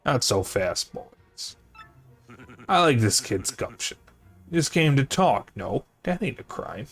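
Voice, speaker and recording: A man voicing a gruff older male mob boss with a put-on old-time gangster accent, reading game dialogue aloud. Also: medium pitch, sing-song, takes it slowly, fairly bright tone, faint music behind, full character voice.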